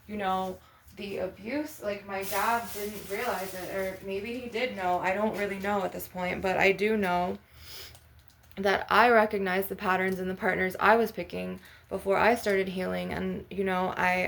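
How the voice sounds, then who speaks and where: A woman's voice: medium pitch, creaky. A woman hosting her own channel, rambling through a personal story with lots of fillers and nervous laughs. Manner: rambling, heavy use of "like" and fillers; laughs through painful memories. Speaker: ASMR channel host.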